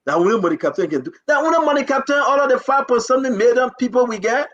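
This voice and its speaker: Impassioned Liberian man, high bright voice. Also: expressive, racing, highs cut off. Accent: Liberian English. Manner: impassioned, pleading and repetitive. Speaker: talk show host. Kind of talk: live talk show commentary.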